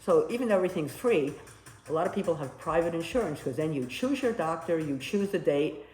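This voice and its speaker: A woman's voice: sits low, fairly quick. Woman rambling through old stories, voice jumps all over, kinda echoey room with faint hum. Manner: animated, acts out quoted dialogue. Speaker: storyteller recalling nursing work abroad. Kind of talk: casual storytelling interview. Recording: roomy with faint ambience.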